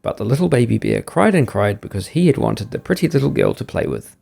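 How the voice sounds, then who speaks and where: A man hosting a podcast, reading a bedtime story aloud in a lively, sing-song way. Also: mid-range voice, fast, vocal fry.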